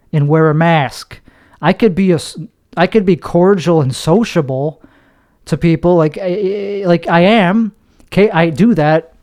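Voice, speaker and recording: In a fairly high voice with a darkish yet clean tone, a young man rambles through a confessional podcast monologue. A comedian hosting the show, he swears, mocks himself, and now and then adopts put-on voices.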